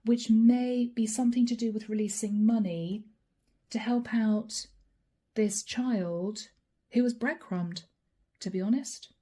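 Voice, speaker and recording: A woman giving a channeled tarot reading in a hoarse, raspy voice that is fading, speaking softly with whispered asides. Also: fairly high pitch, takes it slowly. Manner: soft-spoken with whispered asides. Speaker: tarot card reader.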